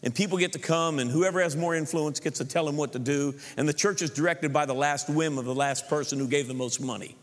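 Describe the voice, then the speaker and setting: Pastor, male, fairly high voice, lively storytelling sermon, long church-hall reverb. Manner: animated storytelling, acts out the people he quotes. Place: church sanctuary.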